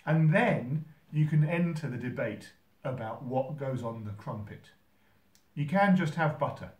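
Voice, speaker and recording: A man hosting a how-to video from a holiday home kitchen, talking in a dry, mock-serious, gently teasing way. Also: medium pitch, reverberant, distant mic. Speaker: host. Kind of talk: deadpan comic how-to video.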